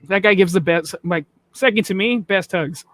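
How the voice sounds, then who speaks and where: High-voiced teasing man, dry close mic. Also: moderate pace, fairly bright tone, no room sound. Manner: teasing, laughs often. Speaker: podcast co-host. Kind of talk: casual banter.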